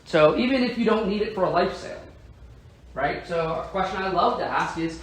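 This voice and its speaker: This man's voice sits high and a bit bright, expressive and fairly quick as he motivates insurance agents in a sales training. He's emphatic, repeatedly asking the audience "right?" The recording is distant with room echo.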